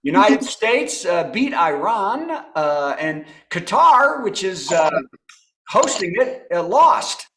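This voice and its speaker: High, lively man telling topical jokes. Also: takes it slowly, noisy background. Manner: jokey, chuckles at his own jokes. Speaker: comedy show host. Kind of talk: topical stand-up jokes over video call. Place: home apartment.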